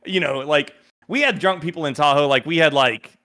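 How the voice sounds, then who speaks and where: A man tells a story in a relaxed podcast conversation, putting on voices for the people in it. His voice is bright and sits a little high. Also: fairly quick. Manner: animated storyteller who acts out quotes. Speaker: podcast guest. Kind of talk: casual storytelling.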